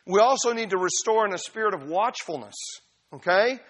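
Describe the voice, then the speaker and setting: A man's voice: high-pitched, expressive, a little fast, a bit bright. A middle-aged pastor preaching a sermon to his congregation in a conversational, emphatic way, mixing in personal stories. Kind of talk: expository sermon.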